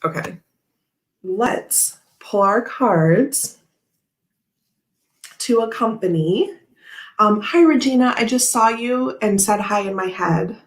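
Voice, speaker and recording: A woman's voice: mid-range voice, slow pace, pauses often, echoey room. A woman hosting a casual tarot livestream, chatting and reading viewer comments aloud in a giggly, rambling way full of "like" and "okay, anyway.".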